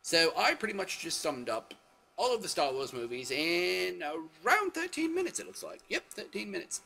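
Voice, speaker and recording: A vlog host tells stories on his own video show in a casual monologue, rambling, correcting himself, and bursting into sudden exclamations. His high voice is sing-song, creaky, and husky, with a bright, forceful tone at a moderate pace.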